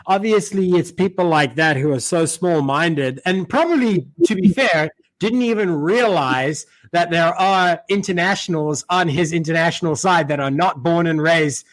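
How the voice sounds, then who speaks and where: A man with a softened South African accent hosts a casual podcast, his voice sitting a little high for a man. The sound is close and dry, with no room to it. He talks in a relaxed, chatty way. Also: normal speed, hardly any pauses, no echo. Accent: blended South African. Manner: chatty, laughs easily, wraps up the show. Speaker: podcast host.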